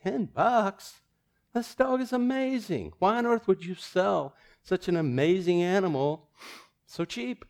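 Brief: excited buyer, voice jumps high with disbelief, preacher putting it on mid-story. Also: male voice, a little slow, creaky, full character voice. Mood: incredulous. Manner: high, incredulous exclaiming. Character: astonished male dog buyer, excited.

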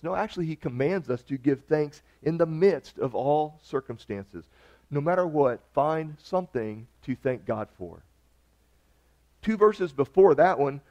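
A man's voice: fairly high pitch, warm tone. A man pastor preaching an earnest, conversational sermon. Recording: dull lo-fi recording.

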